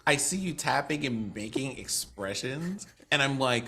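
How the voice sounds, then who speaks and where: A man's voice: mid-range voice, animated, a little slow, bright, forceful tone. A man plays a tabletop game in a mid-range voice. He is chatty and breaks into laughter often as he describes his moves. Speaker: player.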